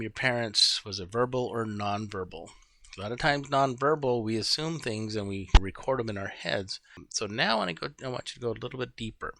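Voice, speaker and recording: A man's voice: medium pitch, a bit bright, no room sound. A middle-aged man, a life coach, giving a casual, rambling talk to his group and often searching for words.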